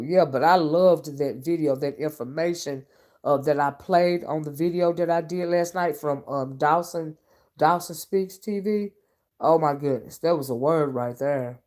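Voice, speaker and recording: A woman's voice: sits low, dark tone. A woman host chatting casually and rambling to her viewers on a late-night livestream, sleepy and talking in a loose, folksy way. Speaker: channel host.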